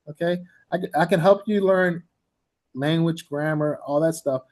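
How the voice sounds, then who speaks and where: A man lectures on language teaching in a slightly high voice. His delivery is blunt and informal. He repeats his main points for emphasis. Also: moderate pace, darkish tone. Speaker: TESOL instructor.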